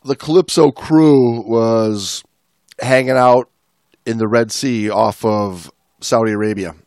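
A man with a mid-range, slightly mellow voice takes his time as a podcast co-host, recorded in clean studio sound with no echo. Between reading book passages aloud, he chats casually and jokes, delivering the quotes with a mock French flair.

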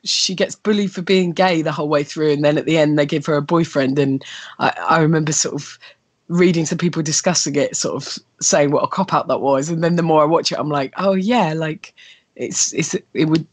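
A woman's voice: deep voice, brisk. A woman co-hosts a casual chat from home over a video call. She talks in a hesitant, self-deprecating way, trailing off with plenty of fillers. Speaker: host.

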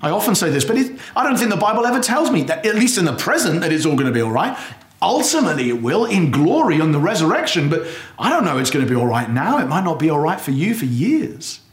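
A man preaching a sermon, earnest and conversational, acting out anguished prayers loudly. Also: a little high, sing-song, fast. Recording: echoey hall.

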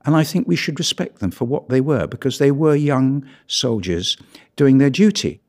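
A man from Britain, a photographer giving a public talk on his pictures in an earnest, measured way with emphatic rises on key words. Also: mid-range voice, big pitch swings, darkish tone.

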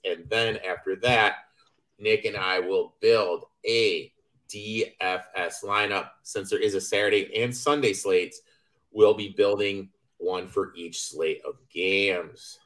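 A man's voice: lowish voice, a bit bright. A man hosting a sports betting podcast, talking casually and bluntly, venting and swearing between picks. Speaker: podcast host.

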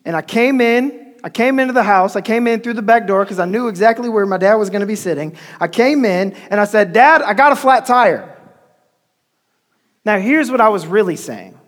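Pastor, male, very high voice, chatty storytelling sermon, long church-hall reverb. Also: brisk, hardly any pauses. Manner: storytelling, conversational preaching with call-and-response. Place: church sanctuary.

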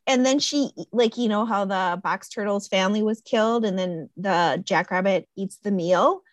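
At a normal speed, a woman discusses a movie with lively energy, shifting into high-pitched voices when quoting characters, with no echo in the recording.

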